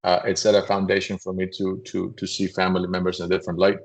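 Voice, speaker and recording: A man, a company CEO, telling anecdotes in a casual, animated podcast conversation and acting out voices as he goes. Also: sits low, quick pace, vocal fry. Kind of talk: casual storytelling.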